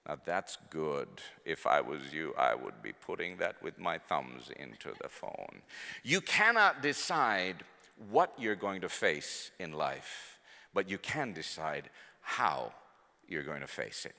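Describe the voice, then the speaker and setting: A man preaching a sermon in a large church, animated, swinging between loud and hushed, and repeating words when he speeds up. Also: medium pitch, measured pace. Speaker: guest preacher. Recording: long church hall reverb.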